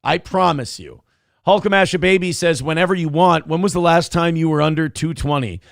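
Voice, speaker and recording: A man's voice: a little high, brisk, creaky, a bit bright, dry recording, studio quality. A man hosting a casual morning talk show, rambling and self-deprecating as he reads viewer messages aloud. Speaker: show host.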